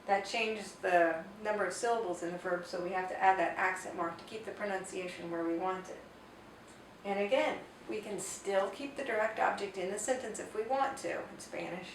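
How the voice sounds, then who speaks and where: A woman teaching a grammar lesson at a board, explaining slowly and carefully and reading out Spanish example sentences. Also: medium pitch. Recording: echoey room, distant mic, faint noise.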